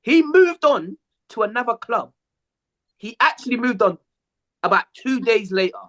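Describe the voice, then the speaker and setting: A man's voice: very high voice, lively intonation, moderate pace, sharp tone. A man, co-hosting a casual football podcast, telling stories animatedly, acting out quotes and swearing freely. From England. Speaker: podcast co-host, former footballer. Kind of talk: casual chat.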